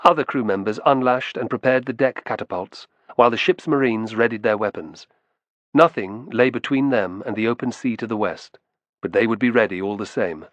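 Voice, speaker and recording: A man narrating a historical novel in an expressive storytelling style. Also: lowish voice, normal speed, no room sound, dull audio. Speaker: audiobook narrator. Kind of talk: scripted narration.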